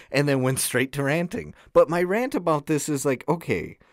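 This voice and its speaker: A man's voice: fairly high pitch, lively intonation, moderate pace, no echo, clean studio sound. A young man co-hosting a casual podcast, telling a story in a rambling way with many restarts. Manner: rambling, self-interrupting storyteller. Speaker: podcast co-host. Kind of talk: casual chat.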